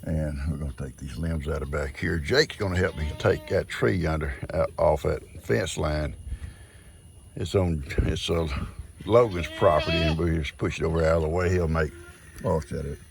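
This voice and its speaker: Folksy gravelly older man. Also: very deep voice, moderate pace. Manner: folksy, talks sweetly to his animals. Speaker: farm vlogger. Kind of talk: casual farm vlog. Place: outdoors on a farm.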